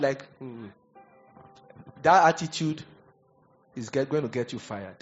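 A man preaching a sermon, animated and conversational, acting out little scenes as he goes. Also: medium pitch, slow, pauses often, dull audio, soft background music. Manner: animated preaching with acted asides. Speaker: pastor.

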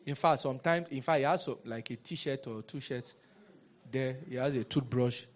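A man preaching a sermon as a pastor, lively and rhetorical, often asking the congregation questions. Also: medium pitch, moderate pace.

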